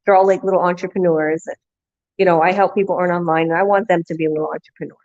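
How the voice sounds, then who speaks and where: A woman's voice: fairly low pitch, steady tone, quick pace, darkish tone, highs cut off. Woman rambling through a story. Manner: rambling anecdote with restarts and acted-out quotes. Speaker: vlogger. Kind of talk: casual storytelling.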